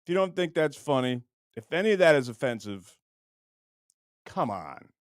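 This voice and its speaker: A man's voice: mid-range voice, big pitch swings, moderate pace, dry recording, studio quality. A middle-aged man hosting a livestream in a casual, rambling, joking way, with plenty of crude humor. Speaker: livestream host.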